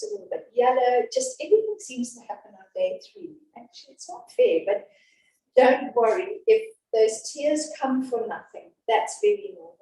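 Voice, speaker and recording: Woman teaching a class, down-to-earth and reassuring, a bit high, warm tone. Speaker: antenatal class educator. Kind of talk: informal class talk. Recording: echoey room from a distance.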